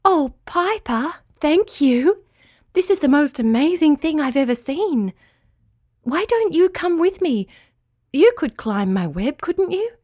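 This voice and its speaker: Storybook figure: gentle little female spider, sweet and eager, read by a woman. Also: high voice, sing-song, moderate pace, no echo, clean studio sound. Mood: overjoyed.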